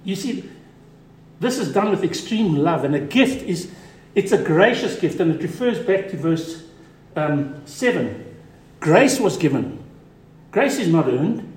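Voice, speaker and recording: A male pastor delivers a sermon in a high, ringing voice. He leans hard on repeated key words, then drops suddenly quiet to press a point home. The room around him is echoey. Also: very animated, measured pace, pauses often. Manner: emphatic preaching, drops to quiet for stress.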